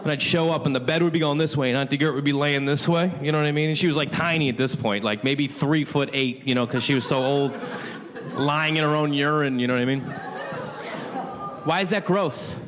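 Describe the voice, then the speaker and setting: Animated stand-up comedian, higher voice. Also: male voice, fairly quick, some chatter behind. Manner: animated, keeps asking "you know what I mean". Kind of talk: stand-up storytelling.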